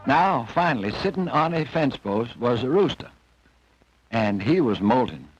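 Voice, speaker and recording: A man's voice: mid-range voice, very animated, a little slow, slightly rough, faint music behind. Folksy male storyteller, dull old film sound. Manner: folksy, homespun drawl. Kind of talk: folk tale storytelling.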